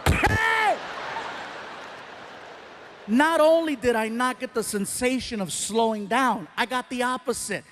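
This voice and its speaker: High-voiced man doing animated stand-up. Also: slight background noise. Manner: animated, acts out voices and shouts. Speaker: stand-up comedian. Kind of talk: stand-up storytelling. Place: live stage before an audience.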